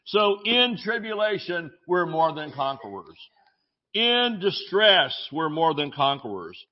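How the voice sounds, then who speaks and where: Male pastor, slow deliberate delivery, fairly high voice, dull lo-fi sermon audio. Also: very animated. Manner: preaching with scripture, jokes and sudden shouts.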